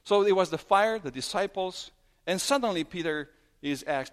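A man preaching a sermon, retelling a story with animated storytelling and acted-out dialogue. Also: high voice, normal speed. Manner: animated storytelling, acting out dialogue with big swings in loudness. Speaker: pastor.

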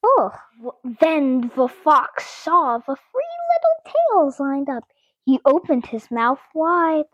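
Woman, children's book read-aloud, playful asides, unhurried, dry close sound. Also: high voice, very animated, dry recording. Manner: playful, exclaiming, chats to kids. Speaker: children's author reading aloud.

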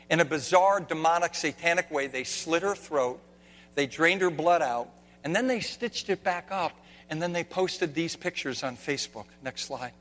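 A man preaching with slides, swinging from hushed tones to shouting. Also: fairly high pitch, expressive, moderate pace, in a large hall. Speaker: pastor. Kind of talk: sermon with slides.

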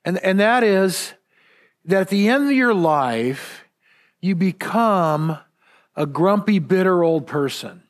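A man's voice: sits high, animated, takes it slowly. A man from Southern California preaching a sermon as a pastor, earnest and repeating words when stressing a point.

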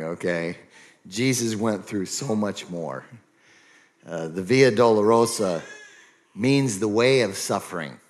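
A man preaching a sermon as pastor, reading scripture aloud and explaining it in a measured way. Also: fairly low pitch.

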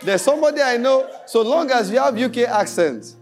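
A male pastor preaching with a high, lively voice that leaps up and down in pitch. He mimics people playfully and drives his declarations home with repetition. Music plays clearly behind him. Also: fairly quick. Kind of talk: sermon.

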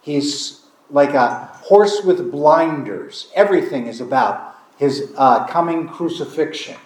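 A man's voice: a little high, a little mellow. A man preaching a sermon as a pastor, speaking in a conversational, storytelling way and acting out dialogue. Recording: echoey room.

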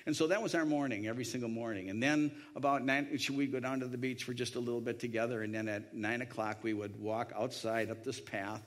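A man's voice: mid-range voice, fairly even intonation, quick pace, hardly any pauses. A man telling a personal anecdote in a rambling way, with many restarts and voiced quotes. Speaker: storyteller. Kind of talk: anecdotal storytelling.

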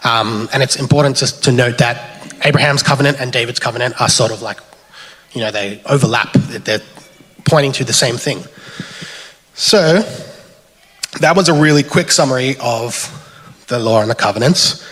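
A man with an Australian accent giving a relaxed, chatty sermon with slides, thinking aloud as he goes. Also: medium pitch. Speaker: preacher. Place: church hall. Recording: long hall reverb.

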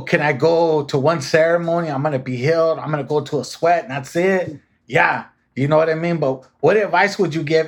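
A man hosting an interview, asking questions in a relaxed, conversational way. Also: fairly high pitch, breathy edge. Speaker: interview host.

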